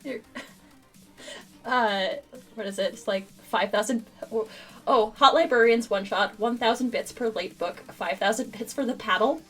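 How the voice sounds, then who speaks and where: A woman's voice: fairly high pitch, measured pace, faint music behind. A woman with a nasal voice hosting a live stream, reading chat and donations. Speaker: stream host.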